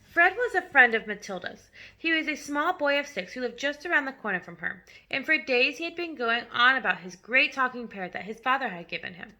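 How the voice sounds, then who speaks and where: A woman teacher reads a storybook aloud with lively expression, now and then stepping out of the story for a casual aside. Her voice sits fairly high and sounds very bright. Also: fairly quick, hardly any pauses.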